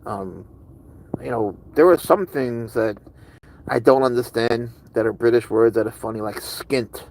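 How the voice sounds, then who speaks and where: A man's voice: mid-range voice, measured pace, darkish tone, slight background noise, low-quality recording. A man streaming live, casually chatting with viewers and answering their comments in a rambling, curious way.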